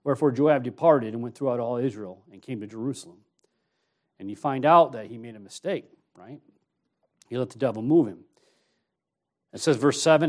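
A man, an associate pastor, preaching a sermon, telling a personal story in an easy conversational way and then exhorting more forcefully. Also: mid-range voice, normal speed, long pauses. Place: church.

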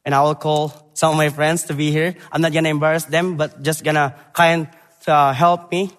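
A young man from the Philippines, preaching a sermon in halting English that moves between loud emphasis and quiet, earnest moments. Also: fairly high pitch, flat delivery. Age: young adult. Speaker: preacher, Bible college graduate. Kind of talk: church sermon and missions presentation. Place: church sanctuary. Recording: long church hall reverb.

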